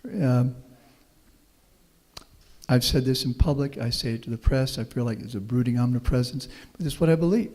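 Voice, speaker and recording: With a warm, medium-pitched voice, this middle-aged Houston man speaks at a moderate pace and pauses often. He's a professor appearing as guest speaker, delivering a folksy, anecdotal public talk and taking audience questions. The recording echoes with the long reverb of a meeting hall.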